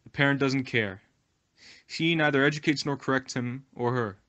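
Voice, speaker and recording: Male voice, mid pitch, for a devotional talk; sincere, moralizing delivery. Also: moderate pace, pushed and bright, highs cut off. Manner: earnest, exhorting, moralizing. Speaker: volunteer translator and narrator of a spiritual message. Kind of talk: devotional talk, read translation.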